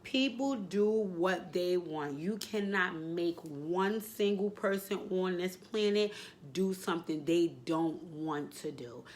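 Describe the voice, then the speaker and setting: A woman with a slightly low voice shares a heartfelt personal vlog, her talk emotional and reflective as she fights back tears. A faint hum of room noise sits behind her. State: tearful. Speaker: vlogger.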